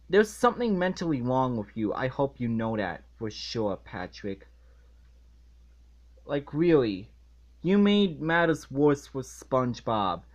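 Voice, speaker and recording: Slow, exasperated man ranting a review. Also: medium pitch, muffled recording. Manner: exasperated, halting, restarts phrases. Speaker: online reviewer.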